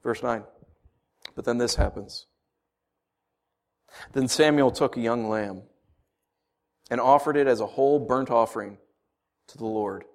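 A man preaching a sermon, swinging from hushed lines to emphatic ones and asking rhetorical questions. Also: mid-range voice, sing-song, measured pace. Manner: rhetorical questions, storytelling asides. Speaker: pastor.

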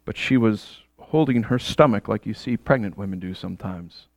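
A man telling a dramatic first-person story monologue to an audience. He swings from quiet asides to exasperated, near-shouted outbursts and throws rhetorical questions at his listeners. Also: fairly low pitch, moderate pace, no echo, studio quality.

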